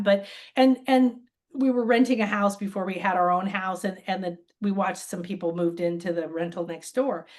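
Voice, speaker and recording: Chatty woman telling animated stories. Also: on the high side. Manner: animated, acts out quoted voices, laughs often. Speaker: spiritual teacher and guest. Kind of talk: casual conversational storytelling. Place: lives by a beach.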